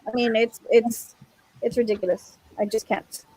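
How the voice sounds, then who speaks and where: A woman's voice: fairly high pitch, steady tone, normal speed, mellow, husky, no room sound, rough recording. A woman teacher speaking in a group meeting, exasperated and emphatic, repeating her points. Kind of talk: frustrated discussion in a group meeting.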